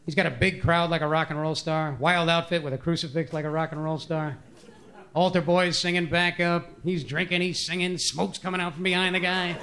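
A man doing a brash stand-up routine on stage, riffing quickly on a stage mic. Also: on the high side, fairly even intonation, bright, forceful tone. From Brooklyn, New York. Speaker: stand-up comedian. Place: comedy stage. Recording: live audience laughter and room noise.

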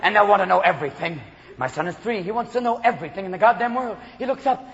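A man doing a stand-up comedy routine in front of a live audience, talking manically and jumping into silly voices and shouts. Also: sits high, quick pace, gravelly, lo-fi sound. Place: large live venue before an audience. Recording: echoey live hall with loud crowd noise. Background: audience laughter and crowd noise.

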